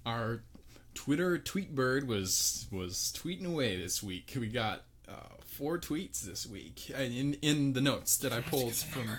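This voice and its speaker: A man's voice: medium pitch, expressive, unhurried, a little hiss or hum. A man co-hosting a comedy podcast sketch, reading listener tweets aloud in a dry, matter-of-fact way.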